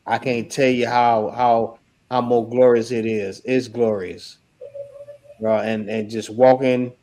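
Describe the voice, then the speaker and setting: A young man telling a story in casual chat, slangy and animated, acting out the shouts he heard. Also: medium pitch. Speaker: member recounting an event.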